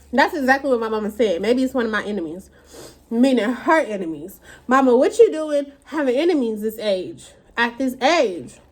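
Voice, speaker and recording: A woman vlogger talking while she eats, in a blunt, profane, casual rant. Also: high-pitched. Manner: talks while eating.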